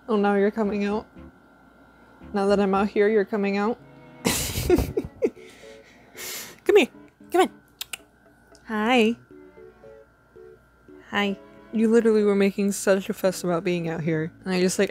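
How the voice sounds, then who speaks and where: A woman in a casual vlog who chats with her rabbit, cooing at it and playfully scolding it between frequent laughs. Her voice sits at an ordinary middle pitch, with faint music playing behind her. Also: steady tone, a little slow, long pauses, darkish tone. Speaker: vlogger.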